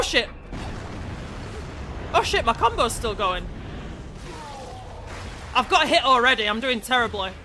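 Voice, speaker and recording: A man giving live gameplay commentary as a let's play gamer, sweary and excitable, yelling at the game. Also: very high-pitched.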